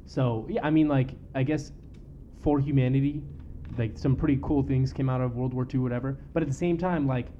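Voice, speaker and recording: A man's voice: mid-range voice, fairly quick, dull audio, a little hiss or hum. A man in his twenties from San Diego, co-hosting a podcast in loose, profane, joking banter. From San Diego, California. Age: 20s. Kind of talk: casual chat.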